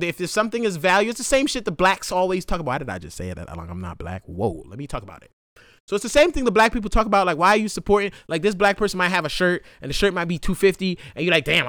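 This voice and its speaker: Young man, high voice, very animated, bright tone, dry close sound, profane rambling rant. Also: clean tone, dry recording. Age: young adult. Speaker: vlogger. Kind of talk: casual monologue rant.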